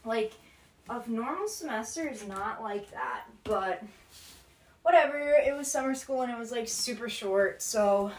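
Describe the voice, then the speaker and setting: A woman's voice: a little high, lively intonation, a little slow. A young woman chatting casually in a vlog, rambling with lots of fillers and restarts, laughing often as she talks while packing at home. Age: young adult. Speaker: vlogger. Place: indoors at home, packing and moving around.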